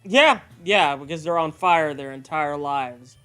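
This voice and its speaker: A man's voice: fairly high pitch, a little slow, sharp tone, faint music behind. A man on a call with a streamer friend, chatting casually with crude, profane banter. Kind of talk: casual chat while gaming.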